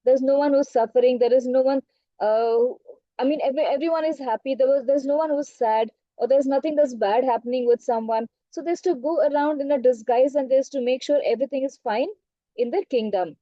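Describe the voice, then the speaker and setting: High-voiced woman teaching an online class. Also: fairly quick, mellow, no room sound, lo-fi sound. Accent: Indian English. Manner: interactive, asks the class questions. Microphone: online class audio.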